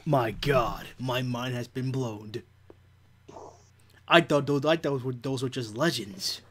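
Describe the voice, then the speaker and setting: Young guy hamming it up, fake gasps, mid-pitch voice, just chatting. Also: unhurried, a bit bright. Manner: jokey, dramatic mock gasps. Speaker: co-host chatting. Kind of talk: casual chat.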